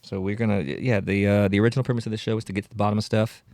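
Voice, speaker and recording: A man's voice: lowish voice, fairly even intonation, racing, a little mellow, dry recording, studio quality. A man hosting his solo podcast, rambling and self-mocking in casual chat, on a podcast microphone. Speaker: podcast host. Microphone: podcast audio equipment.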